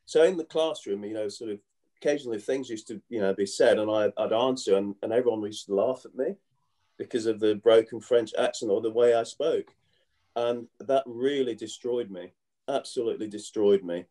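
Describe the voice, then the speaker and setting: A man's voice: lowish voice, moderate pace, mellow. A man in his fifties who grew up in England, a former cricketer telling his life story in a casual interview, rambling with many "you know"s and restarts.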